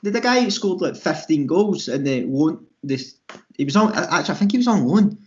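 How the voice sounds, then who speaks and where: A man co-hosting a casual podcast, telling long, animated stories. His voice sits a little high, and the audio is dull and lo-fi. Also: brisk, slight background noise. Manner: rambling, animated storytelling. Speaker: podcast co-host. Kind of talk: casual chat.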